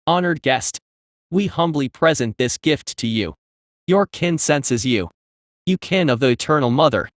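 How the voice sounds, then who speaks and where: Zealous creature leader, voiced by a man, cackling, fanatical, slightly high, dry recording. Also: animated, unhurried, no room sound. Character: grotesque fanatical burrowing creature leader, male.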